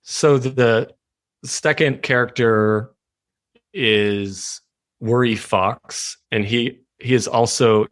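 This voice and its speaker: A man chats as an interview guest, animated and quick to laugh. His voice sits a little low, and it is recorded dry and close. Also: dry recording. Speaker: writer, guest. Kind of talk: casual chat.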